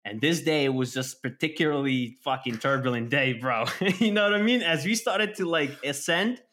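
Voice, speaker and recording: A man telling an animated, casual story, full of fillers and swearing. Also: fairly high pitch, moderate pace. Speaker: storyteller guest. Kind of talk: casual chat.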